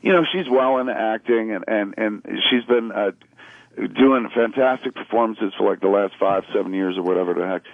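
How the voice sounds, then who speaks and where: A man's voice: on the low side, normal speed, gravelly, no echo. Chatty man on a tinny phone line. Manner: rambling, animated storytelling with acted-out quotes. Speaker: caller. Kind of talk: casual radio chat. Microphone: phone call.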